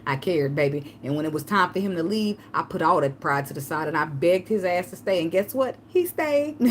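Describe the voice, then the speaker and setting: Woman tarot reader, lowish voice, lively storytelling monologue, faint background hiss. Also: fairly quick. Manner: animated storytelling, acts out begging in a high pleading voice, laughs often. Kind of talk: casual spiritual advice monologue.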